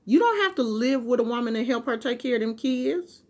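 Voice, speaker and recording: A woman vlogger sounding off to her camera in a loose, casual way. Her husky voice swings widely, from low, quiet asides up to sharp, high-pitched emphasis. She talks with strong conviction throughout. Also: lively intonation, fairly quick.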